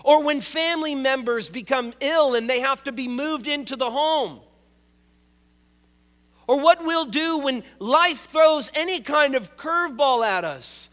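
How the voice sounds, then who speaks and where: High, bright-voiced pastor in an echoing hall. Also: male voice, lively intonation, unhurried. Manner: conversational and joking, with emphatic repeated phrases. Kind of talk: sermon. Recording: long reverb of a large hall.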